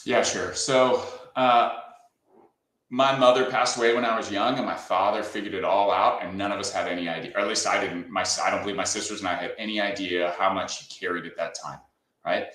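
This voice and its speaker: A man's voice: sits low, steady tone, fairly quick, a bit bright, roomy sound, poor audio. A man from Southern California, a company founder talking as a guest in a casual interview, telling stories and often adding "right?". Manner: storytelling, often tags lines with "right?".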